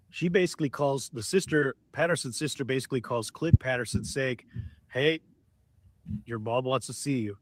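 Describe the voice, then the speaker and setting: A man casually and excitedly recapping a documentary on a podcast, often quoting the people in it. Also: mid-range voice, a little hiss or hum. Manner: excited retelling, quotes people. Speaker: podcast co-host.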